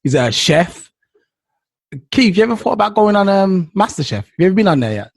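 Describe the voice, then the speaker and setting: A man's voice: high-pitched, sing-song, brisk, gravelly, dry recording, studio quality. A man hosting a casual podcast chat, playful and teasing, often opening with "yo". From Jamaica. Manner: playful, teasing, loud interjections of "yo". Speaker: podcast host.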